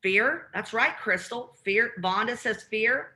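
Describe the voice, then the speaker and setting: Bright-voiced Southern woman teaching cold calls. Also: on the high side, takes it slowly. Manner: animated, demonstrates cold calls by role-playing both sides. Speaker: real estate investing trainer. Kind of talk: live training call.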